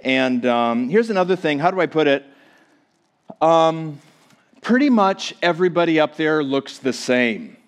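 A man's voice: a little high, lively intonation, measured pace. Minnesota guy in his 40s preaching, laid back and jokey, lots of ums and so's. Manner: joking, self-deprecating, chatty with many fillers. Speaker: pastor. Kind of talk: casual sermon to a congregation.

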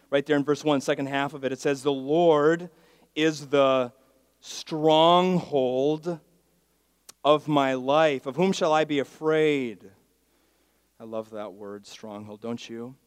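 A male pastor preaching a sermon, swinging from quiet asides to loud emphatic declarations and leading the congregation in call-and-response. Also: a little high, fairly even intonation, slow pace, clear, resonant tone, no room sound. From Miami, Florida.

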